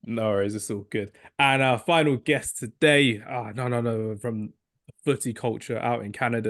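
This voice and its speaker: Male podcast host, rambling and excitable, hoarse today, dry close sound. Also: medium pitch, no room sound. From England. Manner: rambling, excitable, self-correcting. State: losing his voice. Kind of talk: casual podcast chat.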